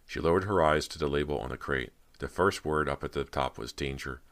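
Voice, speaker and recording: Very deep male voice reading a horror audiobook, slow and measured. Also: a bit bright. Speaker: audiobook narrator. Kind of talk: scripted audiobook narration.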